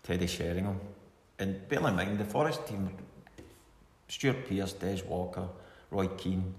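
Here a former footballer from Scotland, middle-aged, wanders through anecdotes during a casual interview and laughs softly now and then. He speaks low and at a measured pace, recorded in a reverberant room with faint hiss.

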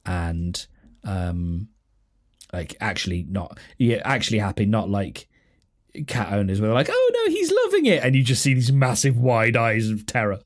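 A man's voice: on the low side, fairly even intonation, measured pace. A man hosting a solo podcast, chatting casually in a rambling, self-deprecating way. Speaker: podcast host.

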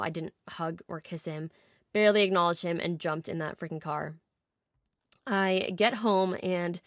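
A woman's voice: fairly low pitch, a bit bright, no room sound, clean studio sound. A woman in her twenties hosting a podcast, telling a personal story in a candid, confessional way with light laughs. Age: 20s. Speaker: podcast host.

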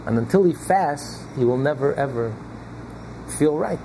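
A man's voice: on the high side, expressive, normal speed, vocal fry, dark tone, a little hiss or hum, poor audio. A man teaching a text to a small study group, emphatic, repeating his key points and chuckling now and then. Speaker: Torah class teacher.

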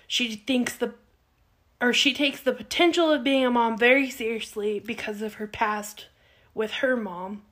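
A woman's voice: fairly high pitch, measured pace. A woman co-hosting a podcast, casually recapping a TV show and acting out the quotes. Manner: animated storytelling, acts out quotes. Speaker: podcast co-host.

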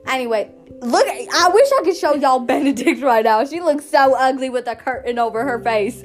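A woman's voice: sits high, brisk, soft background music. A young woman co-hosting a podcast, rambling and teasing in a giggly casual chat. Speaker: podcast co-host.

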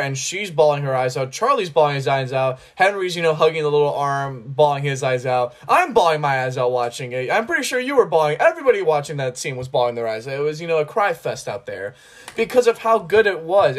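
A man's voice: fairly high pitch, lively intonation, quick pace, a bit bright. A man hosting a podcast, chatting about a film in an enthusiastic, rambling way with many restarts. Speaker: podcast host. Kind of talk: casual film discussion.

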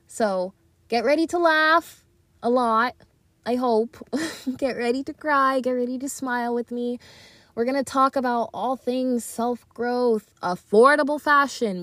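A woman's voice: lowish voice, dry recording. A young woman hosting her own podcast, chatting casually and encouragingly from her closet into a tablet. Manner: upbeat, encouraging, giddy. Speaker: podcast host. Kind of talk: casual motivational chat. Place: walk-in closet. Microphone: tablet mic.

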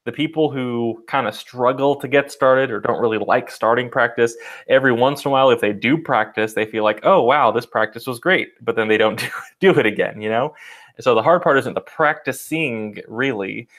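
A man's voice: medium pitch, normal speed. Easygoing man chatting on a podcast. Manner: relaxed, laughs easily, lots of fillers. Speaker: podcast co-host. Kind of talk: casual podcast chat.

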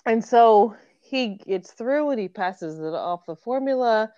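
A woman's voice: on the high side, expressive, dark tone, clean tone, no echo. Laid-back woman on a slightly dull mic. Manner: laid-back, slangy, quick interjections. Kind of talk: casual chat retelling a story.

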